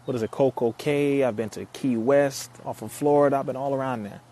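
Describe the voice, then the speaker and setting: Lively man hosting a livestream. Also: mid-range voice, brisk. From Compton, California. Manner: energetic, reading out viewer comments and shouting out cities; laughs often between phrases. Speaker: live-stream host. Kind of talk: casual live-stream chat.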